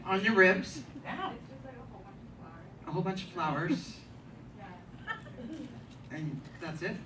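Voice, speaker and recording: A woman's voice: fairly low pitch, slow pace, recorded from a distance. A woman in her fifties performing a brash, profane stand-up set with crowd work in a comedy club. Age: 50s. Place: comedy club stage with live audience. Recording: roomy club sound, loud crowd laughter.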